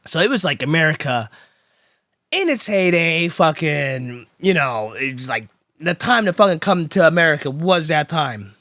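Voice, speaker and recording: A streamer in his thirties rambles through his chat, swearing freely. His voice sits a touch high and moves around a lot. The sound is dry and close to the mic. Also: very animated, normal speed, fairly bright tone, no echo. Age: 30s. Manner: rambling and profane, reading chat aloud. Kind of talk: casual live-stream chat.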